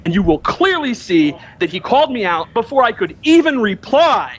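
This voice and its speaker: A man with a high voice, pleading his case insistently and trying to hold the floor against interruptions. The sound is muffled, as over online call audio. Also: big pitch swings, moderate pace, hardly any pauses. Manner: defensive, insistent, keeps asking to be heard. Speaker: guest defending himself. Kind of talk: heated online call argument.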